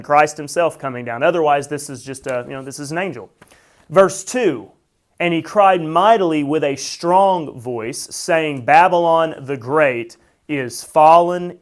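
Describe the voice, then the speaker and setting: Guy teaching a bible study, chatty and loose, lots of ums, leans into the verses when he reads em. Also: mid-range voice. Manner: conversational, many fillers, reads scripture aloud with emphasis.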